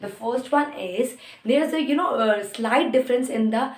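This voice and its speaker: Woman, Indian English accent, teacher, slightly high voice, roomy echo, repeats words slowly. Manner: explains word pairs, repeats example words slowly. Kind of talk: spoken English lesson.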